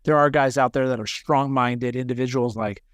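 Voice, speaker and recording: A man's voice: medium pitch, steady tone, moderate pace, no echo, studio quality. A man hosting a casual podcast, talking in a rambling way with many restarts. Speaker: podcast host, firefighter.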